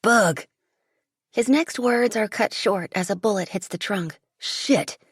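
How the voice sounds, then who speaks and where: A woman's voice: mid-range voice, moderate pace, husky, no room sound, studio quality. A woman narrating a first-person audiobook, telling the story in a vivid, dramatic way.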